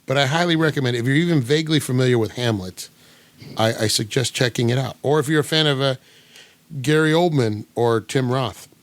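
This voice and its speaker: A man's voice: mid-range voice, fairly quick, dry recording. A man from the United States hosting a casual podcast chat, rambling with many fillers and restarts. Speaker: podcast host.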